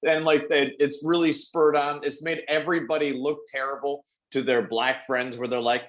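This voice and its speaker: A man's voice: on the high side, little pitch movement, normal speed, few pauses. A man co-hosting a podcast, ranting animatedly in casual chat, full of profanity and mock voices. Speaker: podcast co-host.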